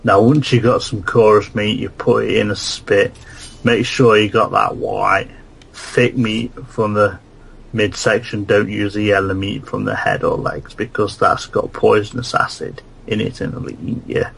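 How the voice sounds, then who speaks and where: A man's voice: fairly low pitch, fairly even intonation, unhurried, vocal fry, a bit bright, slight background noise. A man putting on a British recipe reader. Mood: instructive. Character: British-accented man reading a cooking recipe. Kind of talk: comic podcast bit.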